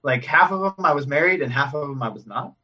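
A man's voice: a little high, animated, fast talker, pushed and bright, husky, far from the mic, dull audio. A man guesting on a podcast as a comedian, telling stories in a loose, rambling, stop-start way. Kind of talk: casual storytelling chat.

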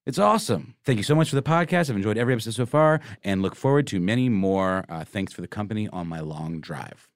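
A man's voice: lowish voice, expressive, fast, dry recording, studio quality. A man co-hosting a podcast, bantering and teasing in a playful, joking way. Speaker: podcast co-host. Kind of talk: casual banter.

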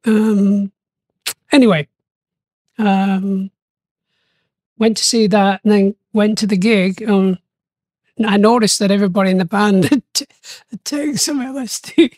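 Brief: older male guest, lively storyteller who acts out quoted voices, recorded dry and close. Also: high voice, unhurried, pauses often, no room sound. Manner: animated, acts out quoted voices, laughs often. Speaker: interview guest. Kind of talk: storytelling interview.

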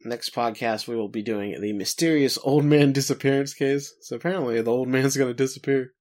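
A man co-hosting a podcast in loose, casual chat. He teases his co-host and tosses in quick playful asides, his voice sitting at an ordinary middle pitch. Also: fairly even intonation, darkish tone.

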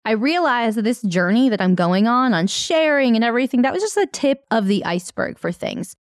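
A woman's voice: on the high side, lively intonation, brisk, no room sound, clean studio sound. A woman telling her own story in an earnest, emphatic and candid way, as a victim advocate. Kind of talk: personal testimony storytelling.

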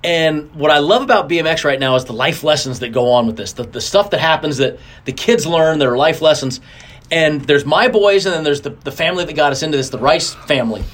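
A middle-aged man talking as a racing guest in a relaxed interview, his voice sitting a little high for a man. He tells stories with lots of animation, leaping up in pitch whenever he acts out what someone said. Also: a little fast. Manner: animated, acts out quotes with big pitch jumps. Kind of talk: casual interview storytelling.

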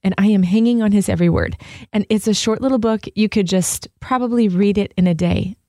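A woman's voice: medium pitch, brisk, warm tone, no echo, studio quality. Earnest woman in devotional chat. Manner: earnest, heartfelt, many "like" fillers. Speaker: co-host.

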